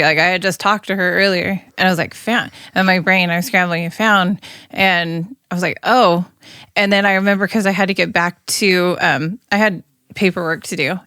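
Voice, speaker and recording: Female guest, bright tone, dry close mic, earnest storyteller. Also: medium pitch, clean tone, no echo. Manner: earnest, animated retelling with quoted dialogue. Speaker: guest, former law enforcement. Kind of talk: conversational interview, personal storytelling.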